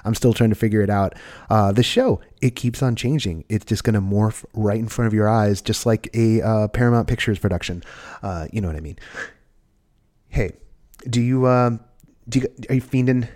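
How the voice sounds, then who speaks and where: A man hosting a podcast, talking in an animated, rambling way with many restarts. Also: lowish voice, moderate pace. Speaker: podcast host.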